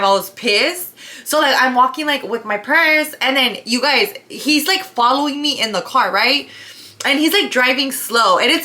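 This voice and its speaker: A young woman, telling a story in a casual, profane, animated way, full of "like" and "right?". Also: on the high side. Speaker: vlogger.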